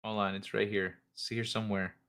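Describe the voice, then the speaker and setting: A man's voice: on the low side, flat delivery, brisk, fairly bright tone. A man hosting a casual late-night livestream, reading headlines aloud, swearing freely and laughing often. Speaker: livestream host.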